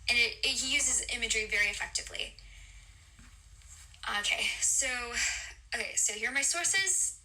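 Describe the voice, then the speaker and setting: A young woman presents a poem to her class, her voice strikingly bright and clear in tone. She speaks in a halting way, filling gaps with ums and correcting herself as she goes. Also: a little high, lively intonation, rough recording. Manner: halting, many fillers and self-corrections. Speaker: student presenter.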